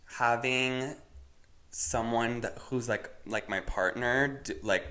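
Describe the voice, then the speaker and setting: A young man from Arizona co-hosting a podcast in casual chat, expressive and campy, calling his co-host "girl". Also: medium pitch, slow pace.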